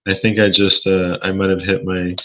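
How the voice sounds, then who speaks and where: A man's voice: sits low, little pitch movement, normal speed, fairly bright tone, dull audio. A man being interviewed over a live stream, chatty and rambling, with lots of restarts and joking asides. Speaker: space-tourism lodging owner.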